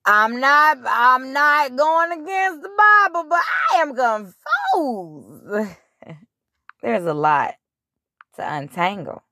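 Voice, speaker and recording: Woman host, unhurried delivery, dry close sound, blunt and profane. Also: high voice, no echo. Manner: animated, blunt, profane, retelling scripture in her own words. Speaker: podcast host. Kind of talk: casual spiritual monologue.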